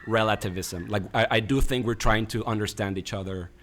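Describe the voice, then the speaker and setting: A man with a fairly low voice speaks in a measured, agreeable way, often affirming his partner. He co-hosts a casual philosophical podcast, recorded outdoors. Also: fairly bright tone. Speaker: podcast co-host. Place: outdoors near a playground.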